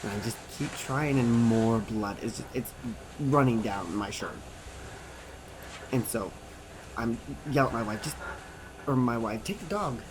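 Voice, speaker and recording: Interpreter, male, mid-pitched; lively storyteller, noisy take. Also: measured pace, pauses often. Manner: animated storytelling with acted-out quotes and sounds. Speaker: sign-to-voice interpreter. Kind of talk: voicing a signed personal story.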